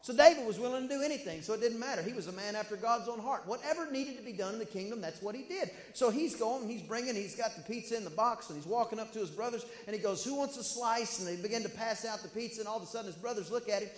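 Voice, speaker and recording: High-voiced pastor preaching in an echoey hall. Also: male voice, rapid-fire, few pauses. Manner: animated storytelling, voices quoted characters. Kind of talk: sermon. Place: church sanctuary.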